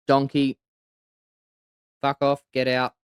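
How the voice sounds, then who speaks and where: A man's voice: mid-range voice, completely flat delivery, takes it slowly, smooth, dry recording, clean studio sound, voice pushed up, lightly acted. A man doing a blunt, stern lion king. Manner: blunt, curt commands.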